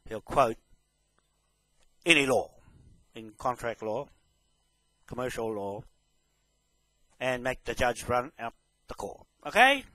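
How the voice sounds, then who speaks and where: A man making a public statement straight to camera, slow and emphatic, often checking "okay?". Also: mid-range voice, very animated, pushed and bright, no room sound, rough recording. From New Zealand. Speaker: self-proclaimed land claimant making a public statement. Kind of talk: direct address to camera.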